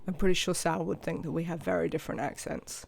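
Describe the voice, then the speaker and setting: English streamer, chatty, live game play, greets chat, mid pitch. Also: steady tone, fast, creaky. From England. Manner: chatty, greets viewers and scolds game characters. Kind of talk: live video game commentary.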